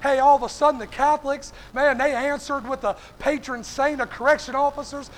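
A man's voice: very high voice, steady tone, fairly quick, slight background noise. A man preaching an evening sermon to his congregation, fervent, peppering his phrases with "hey" and calling on listeners by name.

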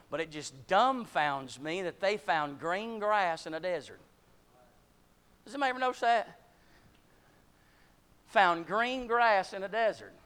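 A man, preaching a sermon in a folksy way that builds to loud, shouted climaxes. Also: high voice.

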